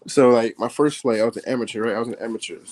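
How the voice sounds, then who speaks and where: A man's voice: mid-range voice, fairly even intonation, racing, a little mellow, a little hiss or hum. Laid-back young man, slangy podcast talk. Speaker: podcast guest, fighter. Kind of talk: casual podcast chat.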